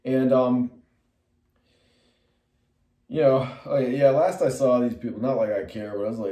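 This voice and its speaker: A middle-aged man, a metal musician and artist, telling a long personal story to camera in a loose, digressive way, full of fillers and restarts, his voice jumping high and loud whenever he quotes himself. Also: moderate pace, long pauses. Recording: roomy sound from a distant mic.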